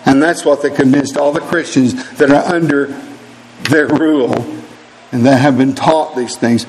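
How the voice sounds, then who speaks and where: A man's voice: medium pitch, steady tone, measured pace, a little mellow, a little hiss or hum. An older man preaching a fiery sermon, emphatic and full of rhetorical questions aimed at his brethren. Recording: long hall reverb.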